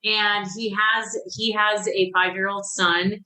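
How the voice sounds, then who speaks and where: This is a woman in her fifties with a bright, forceful voice, a guest on a podcast. She tells her own life story candidly and with emotion. She often breaks off and restarts her sentences. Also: mid-range voice, slow pace, rough recording. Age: 50s. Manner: emotional, animated when reliving moments, frequent restarts.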